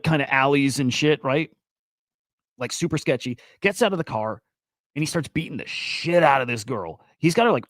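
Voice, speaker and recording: A man hosting a livestream tells a long story in a loose, rambling way, swearing freely and getting animated. His voice sits at an ordinary middle pitch. The sound is dry and close, with no room around it. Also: no room sound. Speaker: host.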